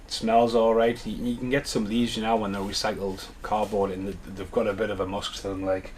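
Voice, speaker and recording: A man's voice: lowish voice, level tone, brisk, darkish tone, slight background noise. A man giving a casual, rambling unboxing chat at home as a collector vlogger, with enthusiastic asides.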